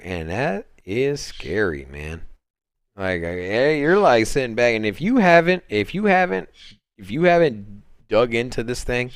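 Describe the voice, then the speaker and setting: A man's voice: on the low side, clean tone, no echo. Laid-back man hosting a livestream. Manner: rambling, laid-back, many fillers and restarts. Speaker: crypto livestream host. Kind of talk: casual livestream chat. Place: home, on a Sunday livestream.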